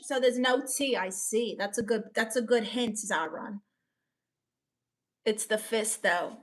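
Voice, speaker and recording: A woman's voice: a little high, measured pace, bright, forceful tone. A woman live-streaming, reading viewers' comments aloud and bantering with them in a playful, teasing way.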